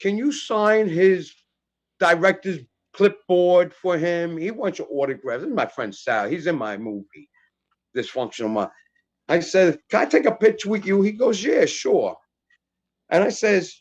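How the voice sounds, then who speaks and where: A middle-aged man tells a street story in a casual podcast chat. His voice sits high, and he acts out each person's lines with lively swings. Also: measured pace, muffled recording. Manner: animated storyteller acting out dialogue. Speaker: actor guest.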